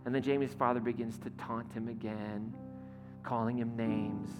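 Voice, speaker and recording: A male pastor preaching a sermon in a church, retelling a scene in a lively, storytelling way. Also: medium pitch, moderate pace. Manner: animated storytelling, retelling a scene with quoted lines. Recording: echoey hall with faint music.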